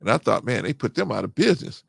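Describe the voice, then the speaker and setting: A middle-aged man, hosting a casual livestream, reading chat and getting animated as he agrees. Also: quick pace, vocal fry, husky, no echo, clean studio sound. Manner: animated, rising to excited high pitch when agreeing. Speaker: host.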